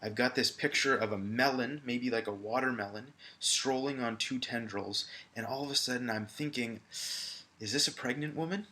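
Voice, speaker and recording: A male high school English teacher giving a recorded video lesson, talking to viewers in a conversational way with frequent fillers. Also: normal speed, pushed and bright.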